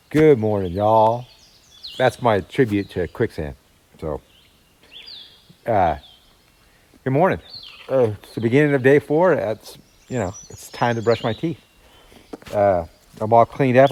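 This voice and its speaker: A man's voice: medium pitch, a little mellow. A man, chatting casually and rambling as he vlogs a hike outdoors on a mountain trail. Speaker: hiker vlogger. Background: guitar music.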